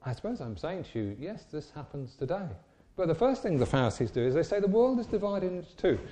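Male preacher, mellow and warm in tone, animated and emphatic. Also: a little high, quick pace. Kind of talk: sermon.

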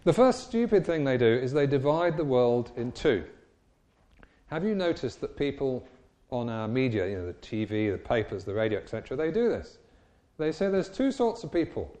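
A man preaching a sermon, telling the story in an emphatic, animated way. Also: medium pitch, normal speed.

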